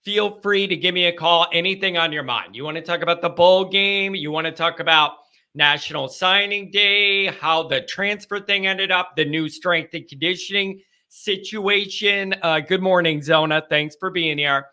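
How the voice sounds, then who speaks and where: A man hosting a live sports call-in show, chatting casually and rattling off quick plugs and asides. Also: high-pitched, sharp tone.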